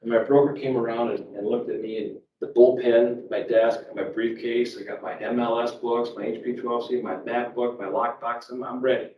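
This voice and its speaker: A man's voice: mid-range voice, little pitch movement, moderate pace, hardly any pauses, lo-fi sound, a little hiss or hum. A middle-aged man, speaking as a sales trainer at a live seminar, conversational, repeating words as he tells personal stories. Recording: echoey room, distant mic, faint background ambience.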